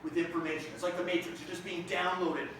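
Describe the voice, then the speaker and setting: A man tells a comic story on stage in an animated, jokey way, acting out his own reactions. His voice is fairly high. The sound is distant and very echoey, with audience noise clearly audible. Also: fast talker. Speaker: comedian performing a one-man show. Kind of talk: stand-up storytelling. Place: theater stage.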